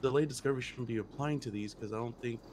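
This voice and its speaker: A man's voice: mid-range voice, fast talker, darkish tone, slight background noise. A man talking in character over voice chat, a little under the weather, thinking aloud as he skims documents.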